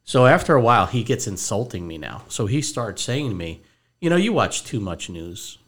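A man's voice: on the low side, big pitch swings, moderate pace, fairly bright tone. A man hosting a podcast as a financial advisor, telling a story casually and acting out both sides of a phone call.

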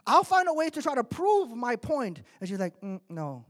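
A male pastor from Miami preaching a sermon, swinging from quiet asides to loud emphatic points. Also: very high-pitched, sing-song, normal speed. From Miami, United States.

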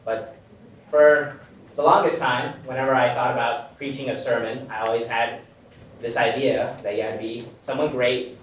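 Young male pastor in training, relaxed chatty sermon, recorded from a distance in a reverberant church hall. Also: medium pitch, normal speed, a little hiss or hum. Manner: casual, self-deprecating preaching with many fillers. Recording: very echoey hall, distant mic.

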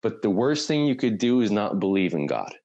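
Low-voiced man; loose, rambling conversational storyteller. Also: sing-song, fairly quick, mellow, lo-fi sound. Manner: rambling retelling, full of "like" and "right?". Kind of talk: casual conversation.

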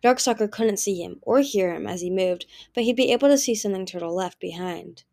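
A woman narrating a fantasy novel as an audiobook, steady storytelling with occasional restarts. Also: mid-range voice, fairly quick, vocal fry.

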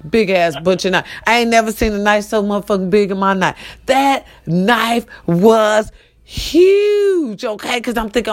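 A woman hosting a casual talk show, telling a story to her listeners in a lively, profane, chatty way. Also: medium pitch, normal speed. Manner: animated, profane, addresses listeners directly.

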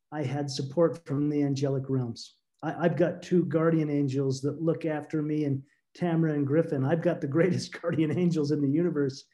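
A man's voice: fairly high pitch, dark tone. A man, a guest author, telling a personal story in an interview, earnest and reflective, often repeating words as he searches for them. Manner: halting, repeats words when emotional.

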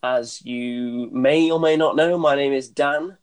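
A man's voice: mid-range voice, fairly even intonation, unhurried, clean tone, poor audio. A man with a Welsh accent co-hosting a podcast, chatting casually and making jokes and asides. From Wales. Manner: jokey, banters with asides. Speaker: podcast co-host. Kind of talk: casual comedic chat.

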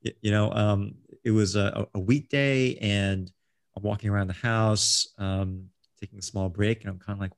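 A man's voice: on the low side, steady tone, moderate pace, vocal fry, no room sound, clean studio sound. A middle-aged man hosting a casual interview, rambling with many ums and restarts. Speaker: host.

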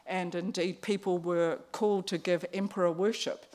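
A woman preaching a conversational sermon, pausing on fillers and restarts. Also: fairly low pitch, fairly even intonation, a little mellow.

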